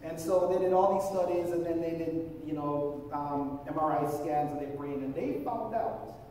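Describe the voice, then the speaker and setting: A man's voice: on the high side, moderate pace, warm tone, slight background noise. A man from Jamaica, preaching a sermon in a conversational storytelling way and acting out the people he quotes. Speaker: pastor. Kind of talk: sermon with personal stories. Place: church auditorium. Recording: echoey church hall, mic at a distance.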